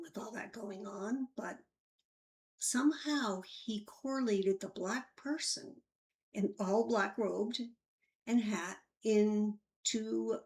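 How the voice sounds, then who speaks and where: A woman, a former intensive care nurse, telling a personal story and acting out the dialogue in it. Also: mid-range voice. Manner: animated retelling with acted dialogue.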